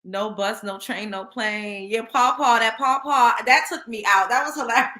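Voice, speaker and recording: High bright animated woman commentator. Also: normal speed, roomy sound. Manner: animated, slangy, laughs often. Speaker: show host. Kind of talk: casual commentary.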